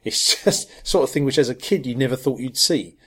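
A man co-hosting a casual podcast, talking with lots of ums, restarts and soft chuckles. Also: medium pitch, brisk, husky. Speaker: podcast co-host. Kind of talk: casual chat about football kits.

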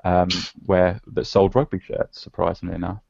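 A man's voice: sits low, level tone, normal speed, gravelly, dark tone, no echo. A man co-hosting a podcast, telling a story in casual, slightly wistful chat. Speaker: podcast co-host. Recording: dull lo-fi podcast audio.

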